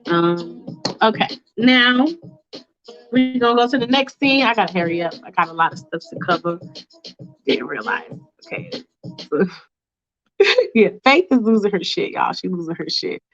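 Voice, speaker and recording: A woman's voice: mid-range voice, lively intonation, normal speed, long pauses, fairly bright tone, faint music behind. A woman casually reading her fanfiction aloud, with chatty asides to listeners. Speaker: storyteller host. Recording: dull lo-fi recording.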